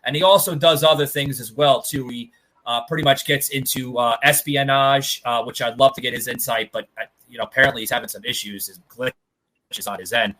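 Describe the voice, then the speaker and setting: A man's voice: mid-range voice, fairly even intonation, a little fast, pushed and bright, rough recording. A man hosting a podcast in a casual, rambling way, full of fillers and swearing. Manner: rambling, many fillers and profanity. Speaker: podcast host.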